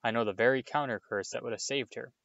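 A man reading aloud, voicing a boastful, vain male wizard teacher who brags briskly. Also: mid-range voice, vocal fry, a bit bright, no room sound, lo-fi sound. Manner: brisk, self-satisfied bragging.

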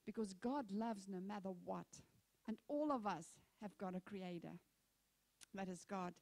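A woman pastor preaching a sermon in an animated, conversational storytelling manner. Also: mid-range voice, a little slow, no room sound.

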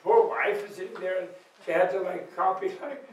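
Guy with a fairly high voice giving a loose buddhist talk, laughs a lot, echoey hall, mic far off. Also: moderate pace. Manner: animated storytelling, laughs often, acts out quoted voices. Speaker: Buddhist teacher. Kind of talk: informal dharma talk at a retreat. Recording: echoey room recorded from far off.

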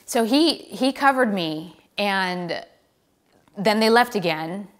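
An American woman, a professional cyclist, telling a story in a casual, animated way and acting out the lines people said to her. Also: medium pitch, takes it slowly. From United States. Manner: animated, relives the scene with quoted lines.

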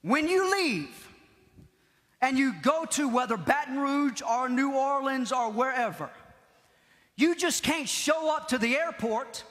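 A man preaching a Pentecostal sermon, impassioned, repeating key phrases and shouting at the peaks. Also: very high-pitched, expressive, takes it slowly. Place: large church hall. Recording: long hall reverb.

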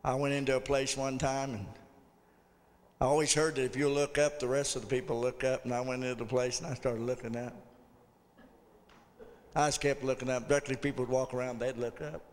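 Folksy pastor in echoing church. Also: male voice, medium pitch, level tone, fairly quick, pauses often. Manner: folksy storytelling with audience call-outs. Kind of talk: sermon. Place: church sanctuary. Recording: long church hall reverb.

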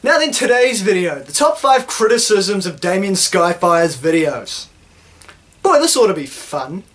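Sarcastic high-voiced New Zealand man. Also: very animated, a little slow, fairly bright tone. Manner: sarcastic, profane, mock-indignant. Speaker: YouTuber. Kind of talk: sarcastic vlog rant.

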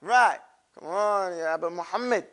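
A man's voice: high voice, moderate pace, bright, forceful tone. A man teaching a classroom lesson on pronouncing letters for Quran recitation, animatedly drilling his class to repeat sounds aloud.

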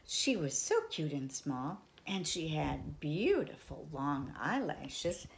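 An older woman reading a picture book aloud to children, in a playful sing-song way with sudden soft whispers. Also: deep voice, sing-song, slow, gravelly, a little hiss or hum. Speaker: children's storyteller.

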